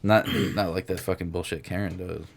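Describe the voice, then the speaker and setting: A man's voice: deep voice, fairly even intonation, fairly quick, gravelly, a loud crowd. A man hosting a casual comedy podcast, telling profane stories and laughing at his own jokes. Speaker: podcast host.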